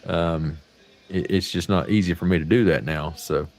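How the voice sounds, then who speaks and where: A man's voice: low-pitched, fairly even intonation, normal speed, a little mellow. An American man hosting a casual livestream chat, talking in a folksy, profane, rambling way. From United States. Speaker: livestream host.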